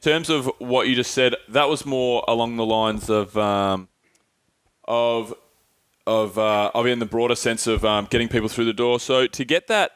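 An Australian man co-hosting a podcast, asking friendly, halting questions with many fillers. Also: medium pitch, fairly even intonation, a bit bright, clean tone. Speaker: podcast co-host. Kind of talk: casual interview chat.

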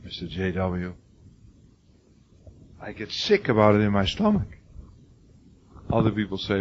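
A man's voice: lowish voice, sing-song, a little slow, pauses often. An older man giving a college classroom lecture, emphatic and prone to restarts, calling on students by name. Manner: frequent restarts and repeated words. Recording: lo-fi classroom recording with faint noise.

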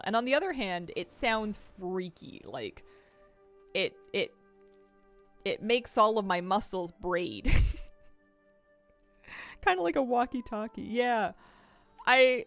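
A young woman chats through a live game stream, rambling loosely and laughing often. Her voice swings widely up and down in pitch, and faint music plays underneath. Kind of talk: casual live-stream chat while gaming.

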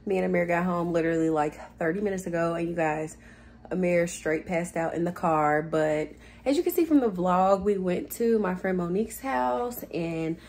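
A young woman vlogging in a casual, gushing way, slipping into high baby talk with infants. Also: normal speed, darkish tone. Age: young adult. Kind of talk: casual vlog chat.

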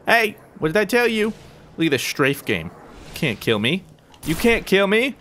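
A man's voice: high voice, sing-song, normal speed, sharp tone, slight background noise. A young man giving jokey gameplay commentary, talking to opponents and himself as he plays. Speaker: gaming YouTuber.

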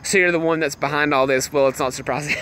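Young man, bright voice, slightly high, excitable livestream chat, laughs a lot, faint crickets and traffic behind. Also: brisk. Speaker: livestream gamer.

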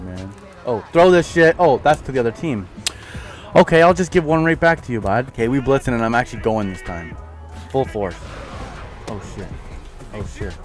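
A young man commentating his own football video game as he plays, excitable and foul-mouthed, trash-talking opponents and yelling at big plays. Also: mid-range voice. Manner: excitable, swears a lot, yells at plays, trash-talks opponents. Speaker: gaming YouTuber. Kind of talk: live gameplay commentary.

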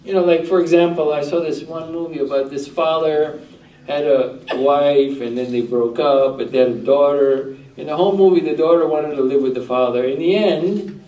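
A man's voice: a little high, fairly even intonation, moderate pace, warm tone. Man preaching in an echoey room. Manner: rhetorical questions to the audience. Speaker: religious teacher. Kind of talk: Muharram talk to a group. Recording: echoey room, voice far from mic.

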